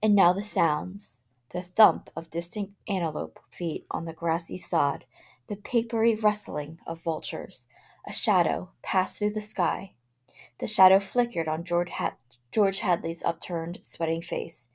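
A woman, a teacher, reading a short story aloud in an expressive voice that drops to a whisper in tense passages. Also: fairly low pitch, a little slow, gravelly.

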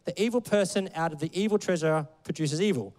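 A man's voice: a little high, fast, darkish tone, in a large hall. A man preaching a sermon in a loose, conversational way, full of fillers and playful asides. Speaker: pastor. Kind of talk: casual sermon.

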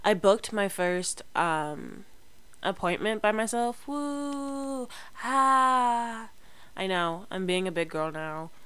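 A woman's voice: fairly low pitch, a little slow, clean tone, dry recording. A young woman chatting casually to her camera, rambling with many fillers and restarts. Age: young adult. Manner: chatty, rambling, lots of fillers and self-corrections. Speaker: vlogger.

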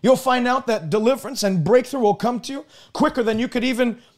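Male preacher, very high pitch, emphatic and repetitive, scripture-heavy streamed sermon. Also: brisk.

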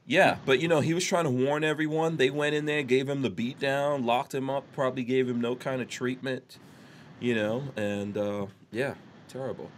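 A man's voice: medium pitch, steady tone, normal speed, a little hiss or hum. A man hosting a live podcast in casual chat, reading out viewer comments and reacting. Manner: reads viewer comments aloud. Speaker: podcast host.

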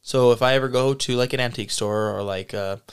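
Joking man with a smooth voice. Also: medium pitch, fairly even intonation, a little fast. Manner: joking, chatty, interjects and riffs. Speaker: podcast co-host. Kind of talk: casual podcast banter.

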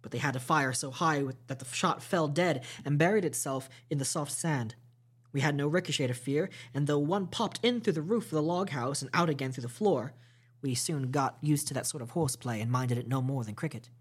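A man hosting a podcast, reading a classic novel aloud as storytime narration, steady and measured with small slips. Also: a little high, slightly rough.

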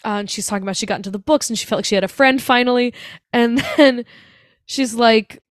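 A young woman with a fairly high voice talks fast, with no room sound. Co-hosting a podcast, she recaps a movie in casual chat, acting out the characters' lines and laughing often.

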